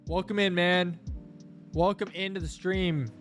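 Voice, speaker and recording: A young man hosts a live crypto trading stream from a home setup, talking casually into a desk microphone. His voice sits a bit high for a man, and he chats with his viewers and pleads with the chart as it moves. Soft music runs quietly underneath. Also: fairly even intonation, unhurried. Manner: chatty, thanks viewers, coaxes the chart aloud.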